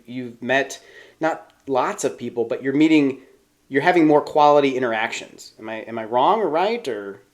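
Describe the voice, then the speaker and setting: A man hosts a podcast with friendly enthusiasm, asking questions and riffing in loose, casual phrasing. His voice sits at a typical middle pitch. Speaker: podcast host. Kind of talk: casual interview chat.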